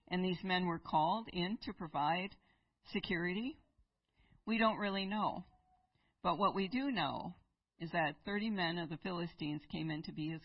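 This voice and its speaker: A woman's voice: fairly low pitch, no room sound, distant mic, muffled recording. A woman preaching in church, retelling a Bible story and asking her listeners rhetorical questions. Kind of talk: sermon.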